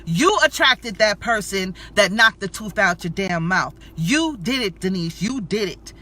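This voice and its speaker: A woman with a very bright, ringing voice gives an emotional personal testimony straight to her viewers. She is preachy and affirming, preaching self-love and calling them sweetie and y'all. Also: medium pitch, lively intonation, unhurried. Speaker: health and spirituality vlogger.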